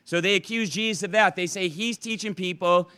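Male pastor, conversational verse-by-verse sermon, earnest and animated; bright, forward tone. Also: sits high, fairly quick, smooth.

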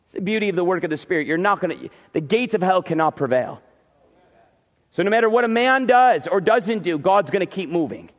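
A man's voice: sits high, expressive, brisk. A man preaching a sermon in a casual, conversational way, acting out the lines of biblical characters. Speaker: pastor. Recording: reverberant, dull hall sound.

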